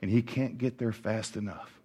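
A man's voice: lowish voice, fairly even intonation, normal speed, dark tone, husky. A man preaching a sermon, retelling a Bible story with jokes and asides to the congregation. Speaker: pastor.

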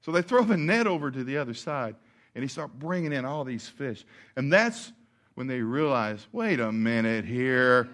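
A man's voice: medium pitch, expressive, normal speed, a bit bright. A man preaching a sermon, retelling a Bible story with jokes and asides to the congregation. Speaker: pastor.

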